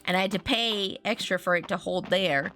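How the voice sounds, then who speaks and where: A woman streamer talks casually to her chat while playing a farming game. Her voice sits fairly low yet sounds bright and forceful, and she rambles, cutting herself off and starting over. Soft game music runs faintly beneath her. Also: normal speed. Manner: rambling, chatty, often restarting sentences; talks to viewers and reads chat aloud. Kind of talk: casual live-stream chatter.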